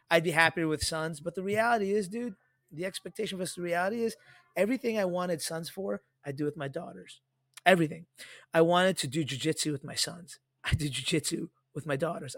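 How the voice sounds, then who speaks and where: A man in his thirties co-hosting a podcast, telling stories in a rambling, animated way with lots of fillers. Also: a little high, no room sound, clean studio sound. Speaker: podcast co-host. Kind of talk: casual podcast chat.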